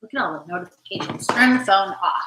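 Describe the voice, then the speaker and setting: A woman's voice: medium pitch, lively intonation, fast talker. A woman hosting a casual cooking livestream from her home kitchen, joking and teasing as she chats. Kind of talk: casual chat while cooking. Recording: echoey kitchen, faint noise.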